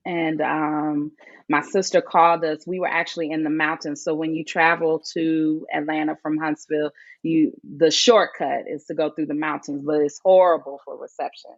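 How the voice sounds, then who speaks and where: Soft-spoken woman sharing her story. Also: sits low, level tone, normal speed, no room sound, highs cut off. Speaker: guest. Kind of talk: conversational interview.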